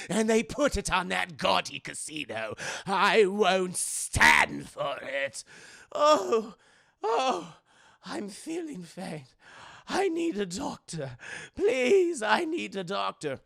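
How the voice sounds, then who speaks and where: A man's voice: high voice, sing-song, slow, creaky, bright, forceful tone, full character voice. A man doing a theatrical, taunting clown villain. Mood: wheedling. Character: gleeful scheming male clown villain.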